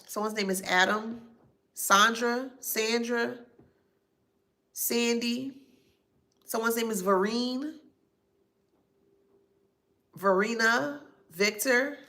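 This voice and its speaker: A woman's voice: a little high, drawn-out words, pauses often, sharp tone. A woman giving a psychic reading to camera, listing names and places she says she hears and spelling some of them out letter by letter. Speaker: psychic reader.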